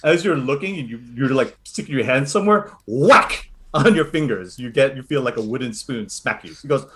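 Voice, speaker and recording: A man's voice: medium pitch, lively intonation, normal speed, few pauses, a bit bright, slight background noise. A man narrating a tabletop game as game master, in a loose, hesitant way.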